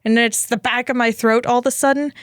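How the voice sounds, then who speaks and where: A woman co-hosting a podcast, telling stories in an animated, self-mocking casual chat. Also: a little high, fast, no echo, clean studio sound. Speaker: podcast co-host.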